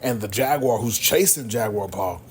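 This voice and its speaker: A man hosting a podcast, retelling a film's plot in casual, slangy, energetic storytelling. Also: on the low side, normal speed, slight background noise. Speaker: podcast host. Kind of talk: casual movie recap.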